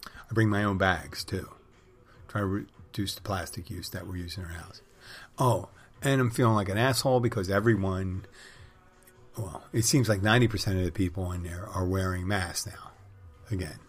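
A man's voice: deep voice, fairly even intonation, normal speed, husky. A middle-aged man hosting a podcast, telling wry, crude, rambling stories in a casual monologue. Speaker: podcast host.

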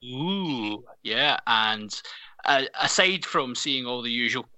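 A man's voice: mid-range voice, lively intonation, slow, pushed and bright, dry recording. A man co-hosting a podcast in casual chat, teasing and wry. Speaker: podcast co-host.

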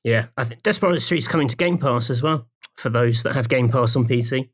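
A man's voice: medium pitch, fast, no room sound, studio quality. A man co-hosting a podcast, chatting casually and laughing often. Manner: laughs often, thoughtful game talk. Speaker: podcast co-host. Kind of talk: casual chat.

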